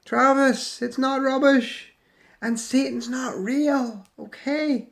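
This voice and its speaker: Sarcastic high-voiced man in his forties. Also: lively intonation, slow pace. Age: 40s. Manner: sarcastic, mocking. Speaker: YouTube host. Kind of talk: reading and answering hostile comments.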